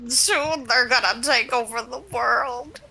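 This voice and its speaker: A woman voicing an ancient male wizard, slow and ominous in her delivery. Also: fairly high pitch, vocal fry, pushed and bright, voice pushed up, full character voice.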